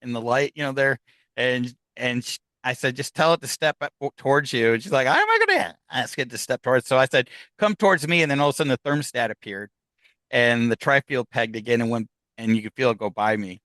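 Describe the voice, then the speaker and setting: A man's voice: medium pitch, a little fast, no echo, poor audio. A man being interviewed as a paranormal investigator, telling stories in a casual way and acting out what people said. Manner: animated anecdotes, acts out quoted dialogue.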